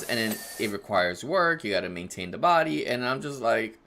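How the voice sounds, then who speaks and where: A man in his thirties chatting casually on a live game stream, rambling, laughing often, answering chat. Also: normal speed. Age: 30s. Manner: animated, jumps in pitch when excited. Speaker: livestreamer playing a game.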